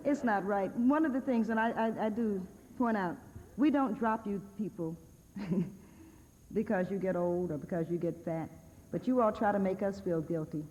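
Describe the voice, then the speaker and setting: A woman's voice: on the high side, a little mellow. A woman speaks from the podium of a lecture hall, her voice carrying a long reverb on a dull, lo-fi archival recording with a faint hiss. She talks in a wry, sardonic, conversational manner and laughs often as she lectures. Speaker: guest speaker at a university. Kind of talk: humorous lecture.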